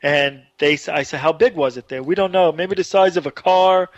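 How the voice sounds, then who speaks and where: Excitable man telling a story. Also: on the high side, moderate pace, no room sound. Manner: animated, excited retelling with rising voice. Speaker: radio show guest. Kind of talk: casual storytelling on a talk show. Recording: dull dry online radio audio.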